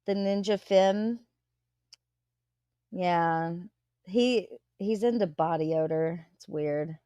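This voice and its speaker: Woman host, casual gossipy livestream chatter, unhurried delivery, dry close sound. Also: fairly low pitch, dark tone, smooth, no room sound. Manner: chatty, gossipy, greets viewers, swears and laughs. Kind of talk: casual live chat.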